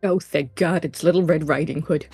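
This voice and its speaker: A woman player in a tabletop game trades wisecracks in a fairly low voice. Her delivery is playful, and soft music runs quietly underneath. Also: moderate pace.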